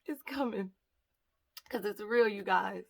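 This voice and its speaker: Heartfelt woman with a gravelly edge. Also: medium pitch, unhurried. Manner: heartfelt, rambling, tearful at times. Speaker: vlogger. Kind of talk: emotional casual vlog talk.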